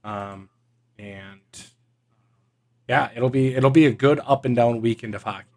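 A man's voice: mid-range voice, a little slow. Casual man chatting about college hockey. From Upper Midwest. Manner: filler-heavy, meandering delivery. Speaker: podcast co-host. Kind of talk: casual sports chat.

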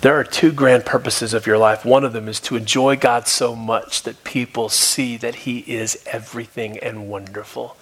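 A male pastor preaching a sermon, telling a story and dropping at times to a soft, hushed voice for emphasis. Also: mid-range voice, steady tone, moderate pace, few pauses. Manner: storytelling, shifts between soft hushed tones and raised emphasis. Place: church.

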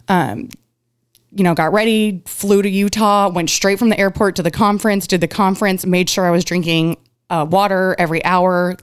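A woman's voice: lowish voice, clear, resonant tone, dry recording, studio quality. A woman in her thirties telling a personal story in a casual podcast chat, acting out quotes with laughs and the odd swear. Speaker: guest.

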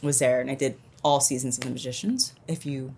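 A woman's voice: extremely low pitch, steady tone, a little fast, darkish tone, slight background noise. A woman chatting casually as a podcast guest, rambling and self-deprecating, laughing often. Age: born during the Cold War. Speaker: guest actress and former podcast host.

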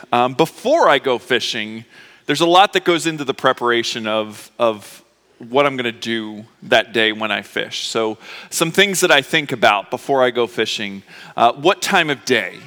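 A man's voice: mid-range voice, sharp tone, smooth, in a large hall. A man preaching a sermon to his congregation as pastor, in a chatty, emotional way, with many fillers and restarts. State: recovering from appendix surgery. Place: church sanctuary.

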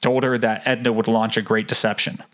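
A man's voice: lowish voice, little pitch movement, brisk, fairly bright tone. A male podcast co-host reading passages from a book aloud, then breaking into casual, swearing commentary. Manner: swears casually, chatty asides.

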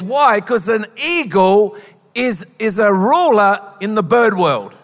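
A man preaching a lively sermon as a pastor, with a sing-song rhetorical delivery. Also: high voice. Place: church auditorium. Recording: long hall reverb.

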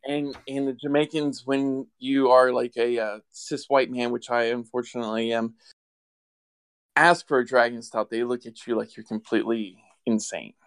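A man's voice: mid-range voice, flat delivery, moderate pace, clear, resonant tone, no echo, lightly acted. A man doing a put-on American accent as a brash male diving instructor alter ego, jokey and swaggering. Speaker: podcast guest.

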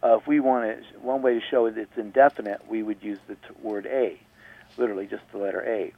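A man's voice: on the low side, steady tone, quick pace. A male radio host patiently explaining grammar point by point, repeating himself to make sure listeners follow. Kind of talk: radio teaching talk. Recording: dry, phone-like radio audio.

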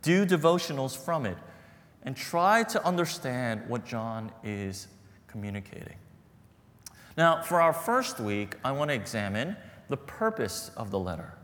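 A man's voice: mid-range voice, sing-song, measured pace, fairly bright tone, in a large hall. A man preaching a sermon as pastor, earnest and storytelling, repeating phrases for emphasis.

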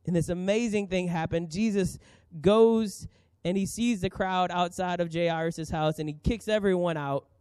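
A man in his thirties preaching a sermon as pastor, earnest and emphatic with dramatic pauses. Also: high-pitched, fairly even intonation, a little mellow, clean tone, dry recording.

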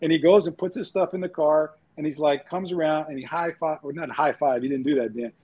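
A man's voice: on the high side, a little fast, slightly rough. A man from New York, a former sportswriter, telling stories in a casual podcast panel and acting out voices. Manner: animated storyteller acting out voices. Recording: dull lo-fi audio.

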